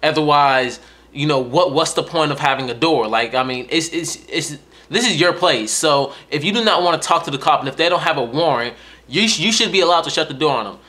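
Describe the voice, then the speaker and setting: Bright-voiced young man telling a story. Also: a little high, a little fast. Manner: profane, animated, repeats and restarts words. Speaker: vlogger. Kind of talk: casual storytelling to viewers.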